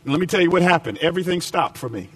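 A man preaching a sermon as pastor, climbing to emphatic points and dropping to a quiet storytelling tone. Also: a little high, animated, rapid-fire, dry recording, far from the mic.

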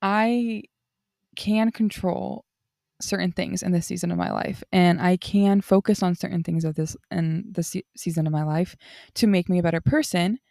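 A woman's voice: on the low side, fairly even intonation, moderate pace, creaky, warm tone, no room sound, clean studio sound. A young woman hosting a podcast, talking from the heart in a rambling, casual way, with lots of "like" and restarts. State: tearful. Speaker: podcast host. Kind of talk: casual unscripted monologue.

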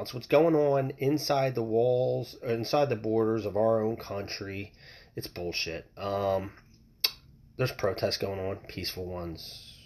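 Blunt swearing man ranting on a podcast. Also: on the low side. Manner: blunt, heavy swearing, heated. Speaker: podcast host. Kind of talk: solo opinion rant.

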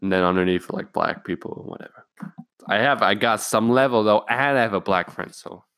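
A young man with a lowish voice rambling through a story, cursing freely and talking offhand. The sound is close and dry, with no room echo. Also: brisk, a bit bright, clean tone. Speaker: vlogger. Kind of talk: casual storytelling.

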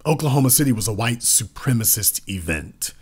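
A man giving a political commentary monologue, emphatic and repetitive, slowing down to stress key words. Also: medium pitch, animated, breathy edge.

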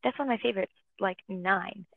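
A woman's voice: medium pitch, normal speed, creaky, no echo. A young woman co-hosting a casual podcast, bluntly giving songs number ratings. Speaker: podcast co-host. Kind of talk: casual chat reviewing songs. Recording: tinny phone-like line.

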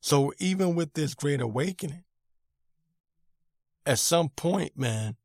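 A man's voice: fairly high pitch, animated, takes it slowly, a little mellow, dry recording, studio quality. A man hosting his own podcast, giving an irritated, emphatic opinion rant and repeating his points for emphasis. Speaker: podcast host.

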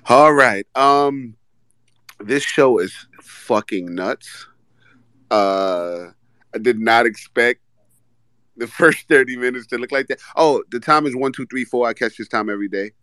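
A man's voice: mid-range voice, a little slow, fairly bright tone, smooth. A man hosts a casual live talk show with an easy, profane, upbeat way of talking. His voice sits in a middle register. The sound is close and dry, with no room echo. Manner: loose, profane, upbeat banter. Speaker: host.

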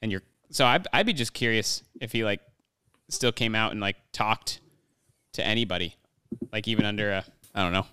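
A man's voice: lowish voice, normal speed, clear, resonant tone. A man co-hosting a movie podcast, rambling and laughing in a casual chat. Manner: giggly, rambling, animated. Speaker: podcast co-host.

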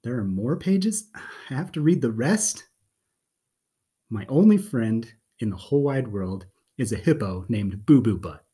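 A man's voice: lowish voice, dark tone, husky. A man, a father and guest on a podcast, reading a picture book aloud in a playful, theatrical way.

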